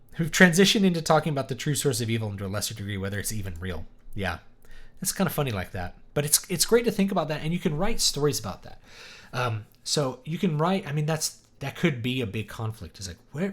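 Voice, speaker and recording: A man's voice: mid-range voice, a bit bright. A man from East Texas, an author hosting a casual livestream, chatting enthusiastically and answering viewer questions in loose rambling asides. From East Texas, USA.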